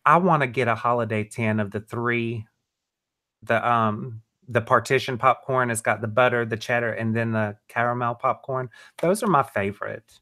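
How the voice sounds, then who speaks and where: This co-host calls the bids in a live jewelry auction, playful and teasing as they count the price down. The voice sits at a middle pitch and sounds relaxed and conversational. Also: moderate pace. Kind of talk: casual live-stream auction chat.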